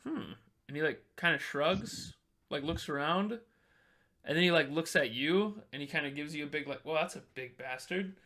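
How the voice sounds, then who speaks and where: A man's voice: on the high side, normal speed, sharp tone. A man running a tabletop game as game master, talking casually with frequent laughs and swearing.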